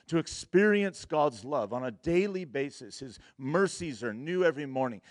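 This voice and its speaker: Young male preacher, casual storyteller, laughs a lot, mid-pitched, dry close mic. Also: a little mellow, no echo. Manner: laughing often, casual slang, quotes himself in dialogue. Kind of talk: sermon storytelling.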